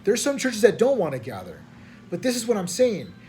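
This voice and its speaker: A man's voice: high-pitched, wildly swooping pitch, brisk, darkish tone, a little hiss or hum. A man, a preacher venting late at night in rambling, slangy talk full of stammered restarts and frustration. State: tired at night.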